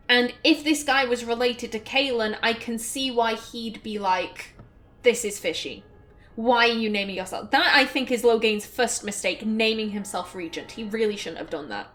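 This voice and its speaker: A woman's voice: fairly high pitch, a bit bright. A woman hosting a let's play, chatting through the game in a casual, rambling way with plenty of fillers.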